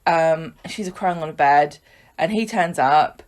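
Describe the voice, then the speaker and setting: A woman's voice: deep voice, slow. Woman casually recapping a soap. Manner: chatty and joking, with fillers and laughs. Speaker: podcast co-host.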